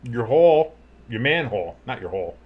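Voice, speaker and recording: A man with a deep, bassy voice doing casual, joking play-by-play commentary of a game, swinging from murmured asides to loud outbursts. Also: very animated, unhurried, husky, phone-quality sound. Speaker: play-by-play host.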